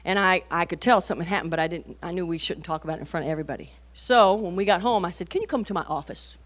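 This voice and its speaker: A woman's voice: fairly low pitch, racing. A woman in her forties giving a conversational sermon to mothers and teenagers, telling stories with frequent rhetorical asides and emphatic bursts. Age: 40s. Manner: animated storytelling, rising to emphatic bursts. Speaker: women's conference speaker.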